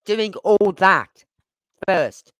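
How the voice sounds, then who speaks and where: A YouTuber delivers live-stream commentary in a smooth, clean voice. The speaker presses each point with rhetorical questions and repetition, and now and then apologizes for rushing. The sound is close and dry, with no room echo. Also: medium pitch, expressive, a bit bright. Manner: apologetic about talking fast.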